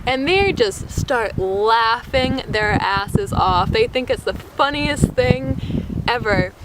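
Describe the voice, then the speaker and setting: A woman's voice: a little high, animated, slow, heavy background noise. A young American woman telling a travel mishap story in a casual, breathless way, full of "like" and acted-out quotes. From United States. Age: young adult. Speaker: vlogger.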